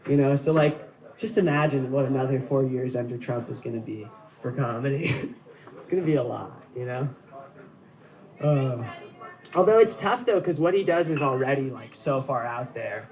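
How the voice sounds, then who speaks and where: A man's voice: medium pitch, moderate pace, a little mellow, poor audio. A young man doing a stand-up comedy set outdoors, loose and laughing at his own jokes. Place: outdoor show.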